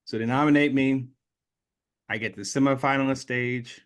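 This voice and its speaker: Animated man telling a story. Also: mid-range voice, normal speed. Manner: animated storyteller, acts out quoted voices. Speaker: guest. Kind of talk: storytelling interview.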